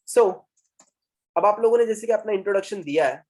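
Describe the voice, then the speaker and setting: Young male communication trainer, Indian English accent, rapid delivery mixing English and Hindi, drills key points. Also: sits high, a little mellow. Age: 20s. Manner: mixes English and Hindi, repeats for emphasis. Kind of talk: classroom English lesson.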